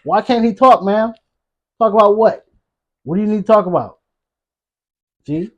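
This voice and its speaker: A man hosting a reaction video, talking back to the clip in animated, slangy casual commentary. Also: high-pitched, moderate pace, dull audio.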